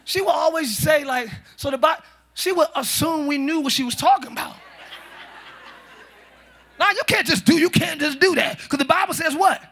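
A male pastor preaching a lively sermon in a church, animated and joking, breaking into shouts. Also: very high voice, moderate pace, slight background noise. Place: church service. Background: congregation responding.

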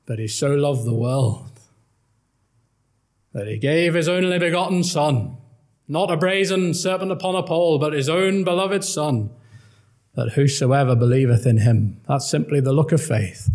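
A man's voice: fairly high pitch, unhurried, a little mellow. A man preaching an earnest, emphatic gospel sermon and quoting old-style scripture.

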